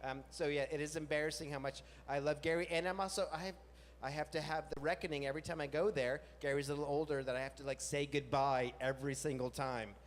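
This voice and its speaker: A man hosting a live storytelling night, chatty and self-mocking, jumping into silly high voices when he quotes himself. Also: fairly even intonation, fast. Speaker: host. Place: large music venue with live audience. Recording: long venue reverb, faint room noise.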